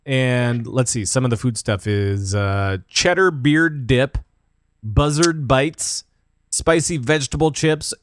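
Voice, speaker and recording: A man's voice: mid-range voice, slow pace, slight background noise. A man guest on a casual podcast chat, rambling with lots of fillers and easy laughs. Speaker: guest panelist.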